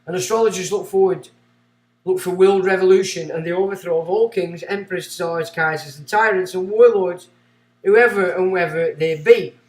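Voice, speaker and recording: A livestream host with a fairly high voice reads passages from a book aloud at a normal speed, repeatedly breaking off into excitable, rambling asides. The audio sounds roomy and echoey.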